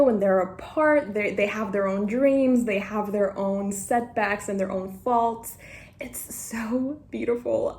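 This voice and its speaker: A young woman book vlogger chatting casually to camera, gushing and excitable, often laughing. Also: medium pitch. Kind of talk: casual vlog chat to camera.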